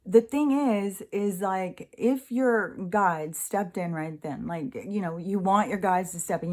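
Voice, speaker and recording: A woman's voice: medium pitch, darkish tone. A middle-aged woman speaking in a rambling, conversational way, giving a casual spiritual monologue full of fillers and the odd swear word.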